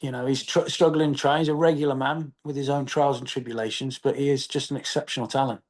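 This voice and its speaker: A man from England, an actor, talking casually in an interview, animated, with many fillers and restarts. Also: mid-range voice, quick pace. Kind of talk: press junket interview.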